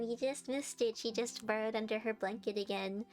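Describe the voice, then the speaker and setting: A woman's voice: fairly high pitch, steady tone, moderate pace. A young woman streaming live, chatting casually and giggling as she answers her chat.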